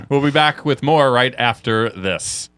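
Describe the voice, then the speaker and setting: Lively joking male podcast host. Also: mid-range voice, slow pace. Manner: joking, animated, laughs often. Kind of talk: casual chat.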